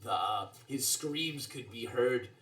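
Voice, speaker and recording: Rambling man with a bright voice. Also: mid-range voice, slow pace. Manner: rambling and hesitant, full of restarts. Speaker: player. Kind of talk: in-character tabletop storytelling.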